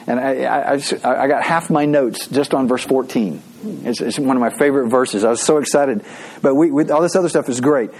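A man's voice: medium pitch, normal speed, darkish tone, breathy edge, low-quality recording. A man, a pastor, teaching a casual Bible study in an eager, chatty way, full of asides and restarts.

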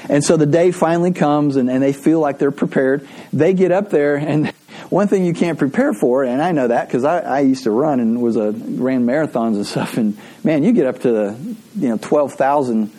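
A man delivers a sermon from the pulpit in a mellow, husky voice. He talks conversationally, spinning stories and doubling back on his words as he goes. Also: mid-range voice, moderate pace. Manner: conversational storytelling with frequent restarts. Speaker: preacher.

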